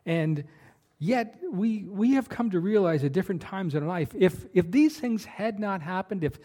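Guy preaching a sermon, kinda high voice, warm and mellow, lots of uh and um. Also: lively intonation, normal speed. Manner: conversational, many fillers and restarts. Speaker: pastor.

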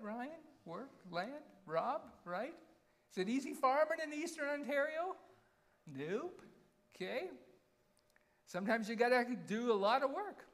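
A man delivering a casual, chatty sermon. His voice is high and very lively in pitch. He keeps checking in with the congregation as he goes. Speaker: pastor. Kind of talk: conversational sermon.

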